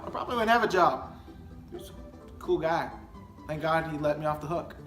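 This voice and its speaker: Young man, easygoing sheepish storyteller, roomy sound, soft music under. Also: a little high, a little fast, long pauses. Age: young adult. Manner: sheepish, laid-back storyteller. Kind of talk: casual chat. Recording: echoey room with music behind.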